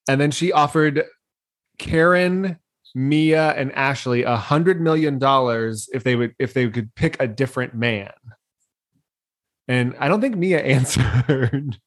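A woman's voice: very deep voice, unhurried. A woman co-hosting a podcast, recapping a reality show in a dry, dismissive, casual way with frequent laughs. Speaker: podcast co-host.

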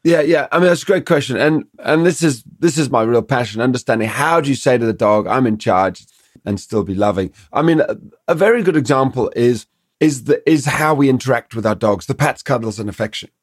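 A man's voice: mid-range voice, a little fast, no echo, clean studio sound. A middle-aged man, a dog trainer in a podcast conversation, explaining his ideas and acting out little quotes from dogs and owners. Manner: animated storyteller, acts out dog and owner quotes.

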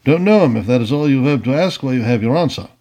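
A man doing a loud, curt British colonel. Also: mid-range voice, lively intonation, fast talker. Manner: loud, curt, barking questions. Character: gruff impatient British cavalry colonel.

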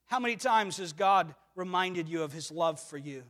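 In a church sanctuary, with the long reverb of the hall around him, a pastor preaches a sermon in a high-pitched, somewhat bright voice. He speaks at a moderate pace with few pauses, asking earnest rhetorical questions as his volume swells and drops.

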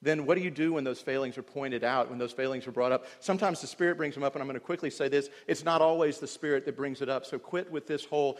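A male pastor preaching a sermon in earnest, dropping to quiet tones and then rising loud, often putting questions to the congregation. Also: medium pitch, fast, few pauses. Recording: long hall reverb.

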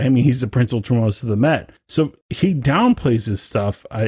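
A man's voice: mid-range voice, dark tone, breathy edge, dry recording, studio quality. A man co-hosting a podcast, chatting casually and rambling with lots of fillers and restarts. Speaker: podcast co-host, brass musician. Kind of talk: casual chat.

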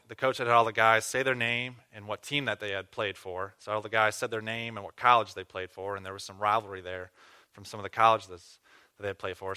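A man's voice: on the low side, bright, forceful tone, smooth. A male pastor preaching earnestly, telling a story and closing in prayer. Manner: earnest, with fillers and restarts. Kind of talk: sermon ending in prayer.

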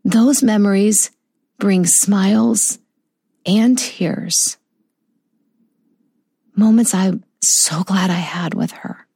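A middle-aged woman speaking softly and slowly about a personal loss in a heartfelt, reflective monologue. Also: medium pitch, vocal fry, slightly rough, dry recording, studio quality. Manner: soft, slow and heartfelt, with tender pauses. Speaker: vlogger sharing a personal story.

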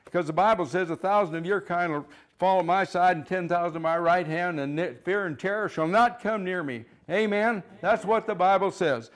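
A man preaching a sermon, fervent and emphatic, repeating phrases and swinging between loud declarations and quiet asides. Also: high-pitched, a little fast, hardly any pauses. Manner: fervent, rising and falling in loudness, chuckles between points.

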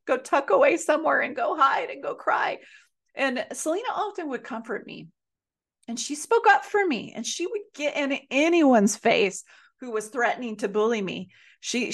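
A woman hosting a podcast, telling a personal story in an earnest, emphatic way and repeating phrases for effect. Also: mid-range voice. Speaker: podcast host.

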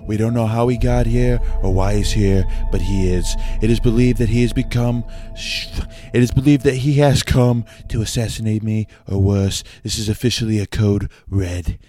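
A man putting on a rough impression of a boastful male president, stumbling over his words. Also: fairly low pitch, steady tone, normal speed, few pauses, warm tone, faint music behind, natural voice. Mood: earnest.

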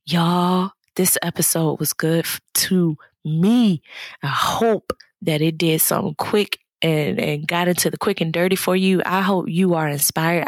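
A woman's voice: lowish voice, dry recording. A woman hosting a motivational podcast, talking with exuberant, preacher-like energy and calling listeners baby and child. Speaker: podcast host and life coach.

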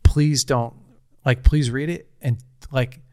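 A man's voice: medium pitch, steady tone, takes it slowly, mellow, dry recording. A man in his thirties telling a personal story in casual conversation, earnest and rambling, with frequent restarts.

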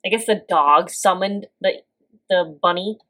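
A woman's voice: fairly low pitch, a little slow, bright, forceful tone. A woman co-hosting a podcast, giving wry, sarcastic commentary in a casual movie-review chat. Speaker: podcast co-host.

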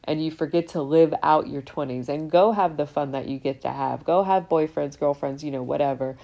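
Low, mellow-voiced woman talking candidly. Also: steady tone, a little fast, creaky. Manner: candid and talkative, swears freely. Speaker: podcast host. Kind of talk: casual reflective monologue.

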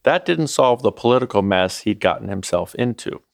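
Guy narrating a documentary podcast, kinda low and gravelly, steady scripted read. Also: normal speed, no echo, studio quality. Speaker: narrator and host.

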